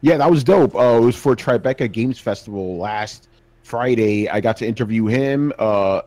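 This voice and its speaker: A man co-hosting a gaming podcast, telling stories in a relaxed, slangy way. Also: medium pitch, moderate pace, dry recording. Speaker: podcast co-host and games journalist. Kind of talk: casual chat.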